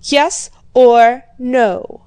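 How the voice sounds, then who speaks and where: A woman voicing an irritable, domineering old male prince who shouts. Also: high voice, a little slow, no echo, voice pushed up. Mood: gruff shouting. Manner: shouting, blunt, impatient.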